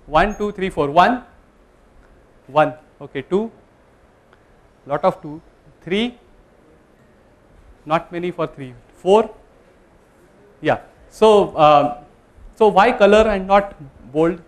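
Man, lecturer, classroom talk, fairly high voice, conversational, self-correcting. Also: expressive, takes it slowly, pauses often. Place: lecture room.

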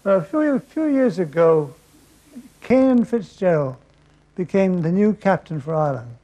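An older man telling comic stories on stage in a rambling, deadpan way, with an audience laughing. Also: sits high, moderate pace, highs cut off. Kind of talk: stage storytelling.

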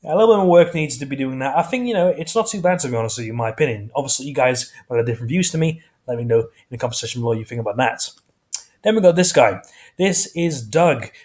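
A man's voice: mid-range voice, lively intonation, fast, a little mellow. A man hosting his own video channel, chatting casually in a rambling way and correcting himself often. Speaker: YouTube host. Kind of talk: casual vlog chat.

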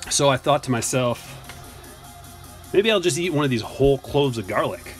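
A man's voice: medium pitch, expressive, normal speed, over music. A man chatting casually on a live stream as he opens packs of trading cards, joking and answering his chat. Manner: chatty, jokey, reads chat aloud. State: a little out of breath. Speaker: card break streamer.

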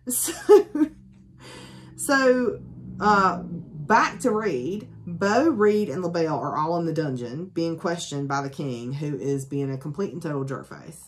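A woman with a low voice retelling a book's plot to her viewers. She talks in a loose, chatty way with plenty of ums and uhs. She drops dry, sarcastic jokes as she goes. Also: unhurried. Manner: chatty, lots of ums and asides; sarcastic, joking. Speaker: book reviewer. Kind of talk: casual spoken book summary.

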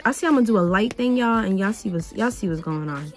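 Young woman, vlogger storytime, sassy and animated, slangy, faint music behind. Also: mid-range voice, normal speed. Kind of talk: storytime chat while getting ready.

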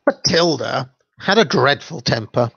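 A man hosts a livestream, reading stories aloud and breaking off to chat in a hesitant, easygoing way. His voice has a gravelly edge. The audio is dull and dry. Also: medium pitch, lively intonation, unhurried, fairly bright tone, dry recording. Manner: chatty, hesitant, with fillers and laughs. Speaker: channel host. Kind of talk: livestream story reading with commentary.

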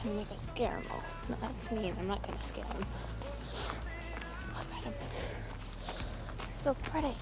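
A young woman chatting casually to her phone camera as she walks along a canal, giggly and sometimes dropping to a quiet murmur. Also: medium pitch, normal speed, pauses often, over loud music. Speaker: vlogger. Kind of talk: casual walking vlog. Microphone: handheld broken phone camera. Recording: loud noisy lo-fi phone recording.

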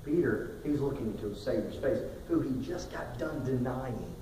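A man's voice: medium pitch, expressive, normal speed, slight background noise. Man preaching in an echoey hall. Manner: storytelling, swinging from quiet to loud emphatic bursts. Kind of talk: sermon. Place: church sanctuary. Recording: echoey hall recorded from far off.

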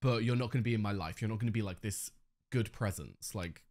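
A man's voice: on the low side, fast, darkish tone. A young man giving casual reaction commentary on a show, swearing freely and laughing often. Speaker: reaction video host.

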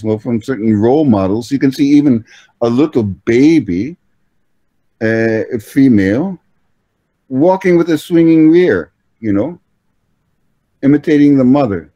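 A man answering questions as a language-learning expert, measured and hesitant with many pauses and restarts. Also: on the high side, dark tone, dry recording, rough recording. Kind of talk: explanatory answers in conversation.

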